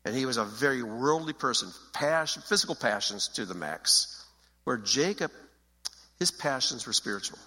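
A man's voice: mid-range voice, animated, moderate pace, bright, forceful tone, in a large hall, rough recording. A man preaching a sermon in an emphatic, conversational way, repeating phrases for weight. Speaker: pastor.

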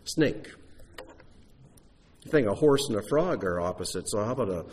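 A man's voice: on the low side, lively intonation, moderate pace, darkish tone, slight background noise. A man teaching a sermon in a conversational way, asking the listeners rhetorical questions. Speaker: Bible teacher.

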